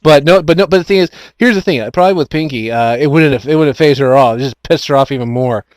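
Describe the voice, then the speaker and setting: A man's voice: on the high side, fast, dry recording. A man hosting an online chat show, rambling with many restarts and frequent laughs. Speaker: host.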